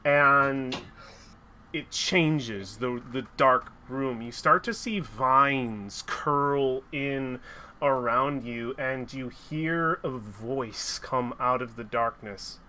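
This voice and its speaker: A man narrates a tabletop game as game master, dragging the pace out and circling back over his words. His voice is bright and a little high. Faint room noise sits behind him. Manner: slow, halting narration with restarts.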